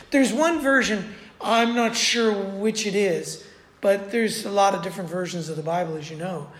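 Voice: mid-range voice, moderate pace, fairly bright tone. A preacher giving a sermon in a conversational way, repeating points for emphasis. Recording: roomy echo.

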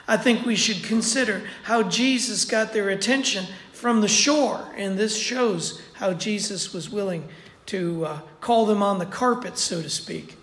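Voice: mid-range voice, a little slow, fairly bright tone. A preacher giving a sermon in a conversational way, repeating points for emphasis. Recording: roomy echo.

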